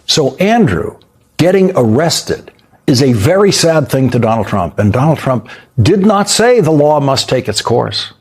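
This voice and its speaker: A man's voice: mid-range voice, big pitch swings, unhurried, a little mellow, husky. A male news host delivering scripted, emphatic commentary with pointed repetition, speaking from a studio.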